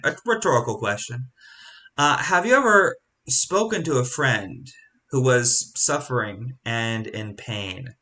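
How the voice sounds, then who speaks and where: A man leading a Bible study in a halting, conversational way, full of restarts and rhetorical questions. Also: medium pitch, sharp tone. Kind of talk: casual Bible teaching.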